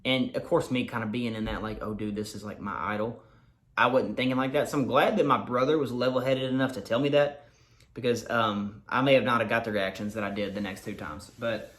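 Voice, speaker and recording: Fast-talking man telling a story. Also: mid-range voice. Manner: excited, swearing, quick run-on telling. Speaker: vlogger. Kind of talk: casual storytelling to camera.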